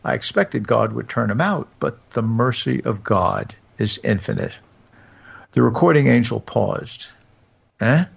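Casting: male storybook narrator, measured, heavy vocal fry, dull lo-fi recording. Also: medium pitch, sing-song. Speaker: audiobook reader.

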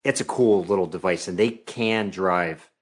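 A relaxed man chatting casually as host. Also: low voice, normal speed. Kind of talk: casual chat.

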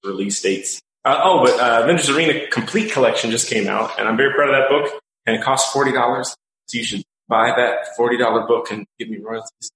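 A man's voice: medium pitch, a little fast, a bit bright, roomy sound, low-quality recording. A man co-hosting a casual podcast, a comic writer talking about his books with dry, wry remarks. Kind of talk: casual chat.

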